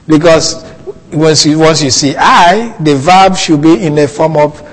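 Slow, deliberate preacher man in echoey hall. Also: on the high side. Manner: slow, deliberate, lingering on key words. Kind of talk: Bible teaching sermon. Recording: long reverb of a hall.

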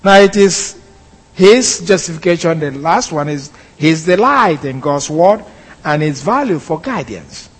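Male Bible teacher, slightly high voice, unhurried, methodical delivery, reverberant hall. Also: lively intonation, husky. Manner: deliberate, explanatory, with pauses and fillers. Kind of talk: slow expository Bible lesson.

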